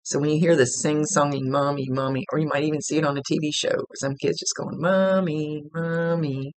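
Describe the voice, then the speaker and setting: Man, psychic medium, casual rambling reading, gravelly voice, a bit husky. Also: on the high side, fast. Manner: relaxed, rambling, relaying messages aloud.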